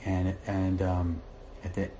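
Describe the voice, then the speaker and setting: Deep-voiced middle-aged Midwestern man, rambling. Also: completely flat delivery, dark tone, a little hiss or hum. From Michigan, USA. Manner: rambling, halting with many restarts and fillers. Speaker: client in therapy session. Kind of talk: candid personal account.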